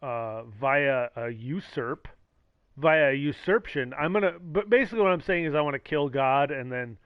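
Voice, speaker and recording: A man on a casual gaming stream, rambling and sarcastic, now and then yelling at his teammates. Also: medium pitch, normal speed, smooth, no room sound, dull audio.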